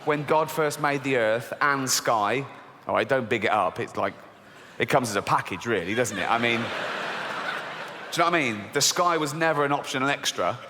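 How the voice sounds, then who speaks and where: A man's voice: mid-range voice, moderate pace, noisy background. A middle-aged man doing a sardonic, swearing stand-up routine full of incredulous outbursts. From England. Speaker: stand-up comedian. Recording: live show in a big echoey hall with crowd.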